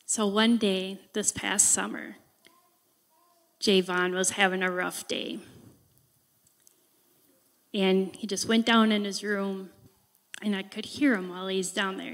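A woman reading scripture and sharing a personal story in an earnest, deliberate devotional talk. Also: mid-range voice, flat delivery, vocal fry, in a large hall. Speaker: devotional speaker.

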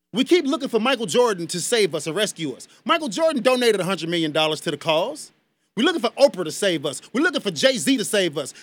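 A man's voice: extremely high pitch, pushed and bright, dry recording. A male radio host giving impassioned, emphatic commentary in a studio, speaking directly to his listeners. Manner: emphatic, heated, addresses listeners as y'all.

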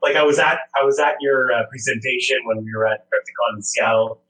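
A man's voice: medium pitch, quick pace, bright, forceful tone, echoey room, low-quality recording. A man in his forties from Montreal, telling a story in casual chat with lots of fillers and restarts. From Montreal, Canada. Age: 40s.

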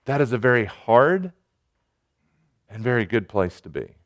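A man preaching a sermon in an earnest manner, rising to urgent pleading and dropping to quiet reflection. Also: medium pitch, sing-song, a little slow. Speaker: pastor.

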